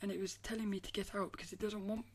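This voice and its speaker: Woman vlogger, mid-pitched and gentle, drifting into a breathy half-whisper, meandering and repeating herself, with a faint hiss behind. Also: little pitch movement, very fast. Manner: rambling, repeats and restarts phrases. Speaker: artist vlogger. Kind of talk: casual talk to camera.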